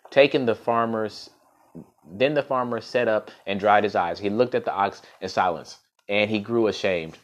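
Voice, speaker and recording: A man's voice: lowish voice, moderate pace, dull audio. A man reading a folk tale aloud, stumbling and restarting now and then. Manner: unscripted-sounding reading with frequent restarts and fillers. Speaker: storyteller.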